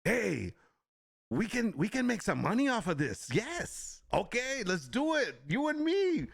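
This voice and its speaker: A man's voice: high-pitched, very animated, a little slow, vocal fry, fairly bright tone, dry recording, studio quality, pitched above the performer's own voice, heavily acted. A man voicing a scheming young male online scammer who eagerly eggs on his partner.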